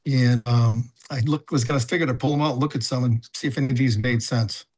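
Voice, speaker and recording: An older man speaks candidly about his past, working through a personal inventory out loud. His delivery is halting and unpolished, full of fillers and restarted phrases. His voice sits at an ordinary middle pitch for a man. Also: steady tone, husky. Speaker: recovery sponsor and coach. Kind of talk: personal testimony, casual and confessional.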